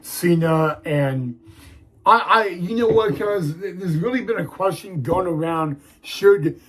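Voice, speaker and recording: A young man hosting a wrestling vlog, talking haltingly to viewers with many restarts and near tears. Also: high voice, fairly bright tone, rough recording. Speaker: wrestling video host. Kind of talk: casual vlog talk to viewers.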